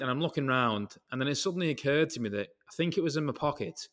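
A man's voice: medium pitch, quick pace, few pauses, fairly bright tone. A man with a British accent, hosting a casual podcast chat and telling a long, rambling story full of tangents and casual swearing. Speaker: podcast host.

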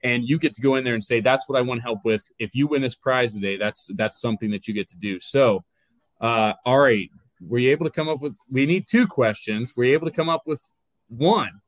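A man's voice: mid-range voice, a little fast, no echo, low-quality recording. Upbeat male co-host, dry close sound. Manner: upbeat, reads sponsor copy in a put-on radio voice. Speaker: podcast co-host. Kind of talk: casual live-stream chat and sponsor read.

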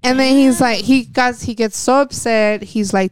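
A young woman with a smooth, resonant voice pitched a little high tells candid stories from her life, acting out what people said to her. She is blunt and swears freely, recorded close and dry with no room sound. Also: fairly even intonation, moderate pace, no echo. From West Texas. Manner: blunt, swears freely, acts out quoted dialogue. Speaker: guest, professional wrestler. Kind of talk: candid storytelling chat.

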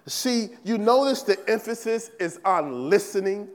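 A male pastor's high-sitting, animated voice fills a large hall as he preaches unhurriedly with few pauses. In the church sanctuary he is emphatic and repetitive, checking in with "right?" again and again.

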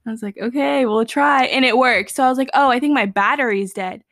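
A young adult woman chatting with a friend, telling a long, animated story full of fillers. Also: on the high side, a little fast, no echo. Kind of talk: casual chat between friends.

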